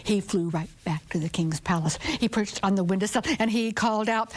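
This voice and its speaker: A woman storyteller telling a children's folktale with expressive, drawn-out phrasing and sudden whispered asides. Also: medium pitch.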